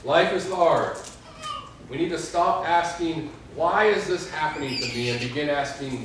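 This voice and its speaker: A man's voice: a little high, measured pace, a bit bright, slight background noise. A young adult man, a pastor, preaching an earnest sermon and telling stories with quoted prayers. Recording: echoey hall, mic far off.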